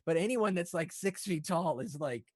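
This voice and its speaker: A man's voice: high-pitched, animated, normal speed, dry recording. A man narrating as dungeon master, casual and rambling with many fillers. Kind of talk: narrating a tabletop game.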